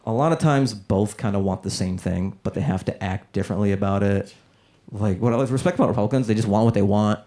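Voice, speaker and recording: On a comedy club stage, a man tries out new stand-up material in a loose, rambling way, packed with "like" fillers. His voice sits on the low side, quick and mellow, and crowd laughter from the live club can be heard.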